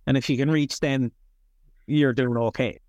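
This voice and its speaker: An Irish man in his thirties, a comedian chatting as an interview guest in a rambling, animated way that swears freely. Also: medium pitch, moderate pace, no echo. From Ireland. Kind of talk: casual interview chat.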